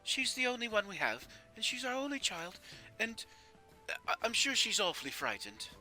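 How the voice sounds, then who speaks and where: A man voicing a worried mother who pleads in a soft, begging way. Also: high-pitched, very animated, moderate pace, faint music behind, voice pushed up, exaggerated voice. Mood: pleading. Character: worried mother of a missing girl.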